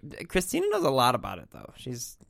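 Gravelly-voiced man hosting a podcast. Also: medium pitch, wildly swooping pitch, fast, fairly bright tone. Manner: rambling, self-deprecating, laughs often. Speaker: podcast host. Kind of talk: casual chat.

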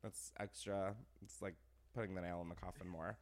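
A young man hosting a podcast, chatting casually in a gossipy, animated way, laughing often and saying "like" a lot. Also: sits low, moderate pace. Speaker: podcast host. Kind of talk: casual chat.

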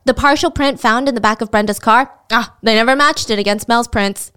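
Woman, true crime storyteller, casual, chatty, sarcastic asides, fairly high voice. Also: a little fast, pushed and bright, clear, resonant tone.

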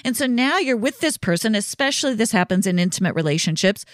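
A woman hosts her own podcast alone, talking in a conversational, reassuring way and checking in with the listener through frequent asides. Her voice sits at a middle pitch, and it is recorded close and dry with no room sound. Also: animated, fast talker, dry recording. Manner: warm reassuring, conversational with many "right?" asides. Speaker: podcast host. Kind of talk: solo podcast teaching.

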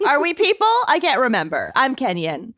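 A woman's voice: fairly high pitch, fairly bright tone. A woman co-hosting a podcast in casual chat, giggling and playful. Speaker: podcast co-host.

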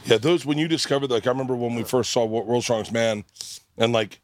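A man hosting a casual comedy podcast recorded live at a festival, telling animated stories and swearing freely. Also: mid-range voice, fast talker. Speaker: podcast host.

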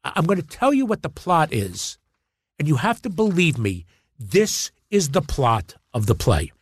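Animated man telling stories. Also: fairly high pitch, measured pace, slightly rough, dry recording. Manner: animated, repeats words, acts out quotes. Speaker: guest actor telling stories. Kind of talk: casual storytelling chat.

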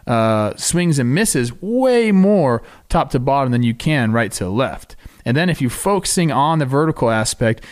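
A man hosting a baseball podcast, talking through game clips casually with excited, animated asides. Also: mid-range voice. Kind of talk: casual video breakdown commentary.

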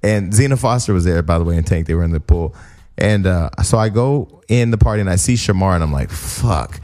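A man telling a crude party story in a casual chat, animated and acting out the voices he quotes. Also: sits low, a little fast.

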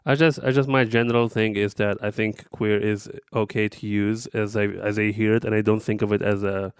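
A man's voice: fairly low pitch, little pitch movement, fairly quick, clear, resonant tone, no echo, clean studio sound. A man on a podcast chatting casually and joking. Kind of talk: casual chat.

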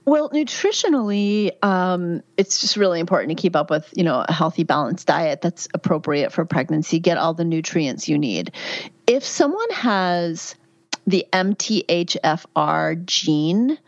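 A woman's voice: lowish voice, expressive, unhurried, dry recording. Chatty woman in her fifties, dry lo-fi audio. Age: 50s. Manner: candid, chatty, frequent fillers. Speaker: guest, physician and midwife. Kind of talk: podcast interview.

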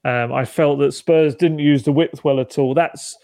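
Gravelly guy cohosting a football pod, bit high pitched, dry sound. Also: fairly even intonation, normal speed, warm tone, no room sound. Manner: chatty, with many restarts and asides. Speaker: podcast co-host. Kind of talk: casual football chat.

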